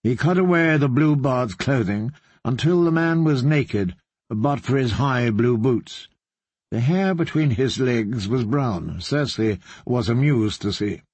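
A man narrating a dark story in a measured, grave way. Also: mid-range voice, animated, husky, no echo. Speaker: audiobook narrator. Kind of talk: scripted narration.

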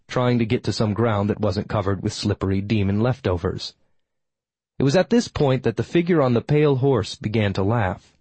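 A man narrates a first-person fantasy adventure with a wry, sardonic edge. His voice sits a little low and carries a husky grain. The recording is dry and close, with no room sound. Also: normal speed, a little mellow, no room sound, poor audio. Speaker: audiobook narrator.

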